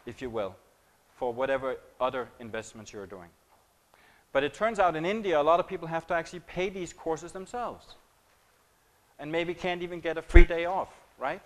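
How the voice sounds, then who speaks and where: A man's voice: fairly high pitch, low-quality recording. A man giving a conference presentation. He talks conversationally, asking the audience questions and joking. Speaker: keynote speaker on marketing.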